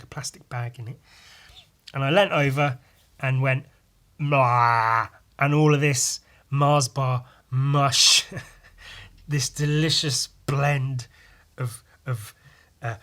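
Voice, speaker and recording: A man's voice: mid-range voice, sharp tone. Rambling, profane young man. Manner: profane, meandering, wry and full of fillers. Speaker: podcast host. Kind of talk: rambling solo storytelling.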